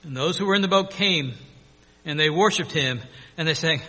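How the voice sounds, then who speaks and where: A male preacher delivers an earnest, animated sermon in a high, bright voice. His words ring out into a hall with a long reverb. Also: a little fast, pauses often, slightly rough.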